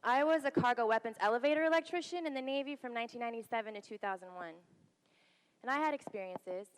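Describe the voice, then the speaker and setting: A woman's voice: fairly high pitch, fast talker, slight background noise. Woman veteran, candid staged storytelling, long hall reverb. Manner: candid, quotes others in lively voices. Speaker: Navy veteran telling her story on stage. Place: theater stage.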